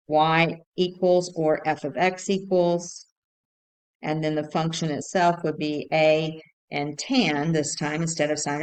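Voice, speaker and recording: Woman, low-pitched math teacher, patient recorded lesson, explains step by step. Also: clean tone, poor audio. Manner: patient, repetitive, thinks aloud with fillers.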